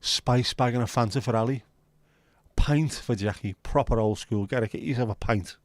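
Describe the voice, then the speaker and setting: A livestream host with a medium-pitched voice chats casually with his live viewers at a normal pace, swearing constantly in his banter. The audio has no echo.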